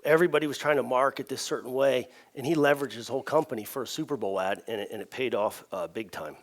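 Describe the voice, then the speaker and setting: Middle-aged man from Ohio, conference keynote, energetic storytelling, restarts and repeats words, mid-pitched. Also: fast. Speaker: conference speaker. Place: event stage.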